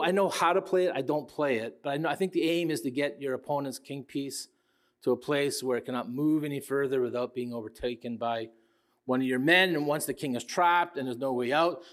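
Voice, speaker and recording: An earnest man in his sixties delivers a sermon in a somewhat high voice. He keeps circling back to his key phrases and stops to put questions to the congregation. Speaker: pastor.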